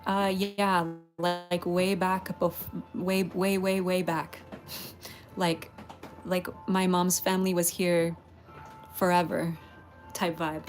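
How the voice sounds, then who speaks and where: A woman's voice: lowish voice, level tone, slow, faint music behind. A woman from Texas, hosting a casual pottery livestream, chatting with viewers, greeting them by name and laughing often.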